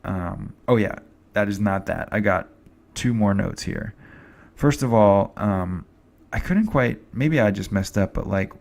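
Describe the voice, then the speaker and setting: Rambling man with a gravelly low voice. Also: expressive, a little slow, a little mellow. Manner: rambling, chatty, filler-heavy. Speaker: movie reviewer. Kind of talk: casual film review to camera.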